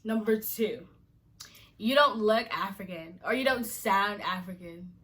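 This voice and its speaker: A woman's voice: medium pitch, a little slow, a bit bright. A woman from Nigeria vlogging to camera, exasperated and emphatic, firing off repeated rhetorical questions. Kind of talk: casual to-camera rant.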